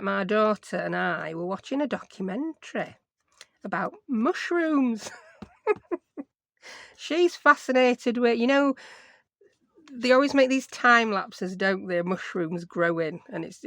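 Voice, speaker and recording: A woman's voice: medium pitch, creaky, a bit bright. A woman chatting casually and rambling as she thinks aloud through a craft project. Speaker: craft vlogger. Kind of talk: casual chat while crafting.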